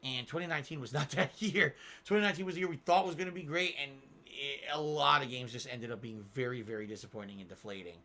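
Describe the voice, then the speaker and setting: Bright-voiced male streamer, mocking. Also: medium pitch, quick pace, few pauses. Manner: animated, mocking, laughs often. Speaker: streamer reading chat. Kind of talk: casual live-stream chat.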